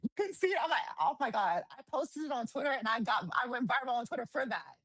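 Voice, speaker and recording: A woman, a guest wrestler, telling stories in a casual interview, animated, swearing freely and acting out quotes. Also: on the high side, fast, dry recording, low-quality recording. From New Jersey.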